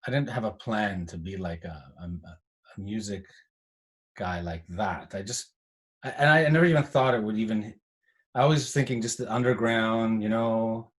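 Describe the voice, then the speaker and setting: Animated man telling studio stories. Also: lowish voice, moderate pace. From Canada. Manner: animated storyteller, acts out quotes, swears. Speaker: guest house music producer. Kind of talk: casual chat.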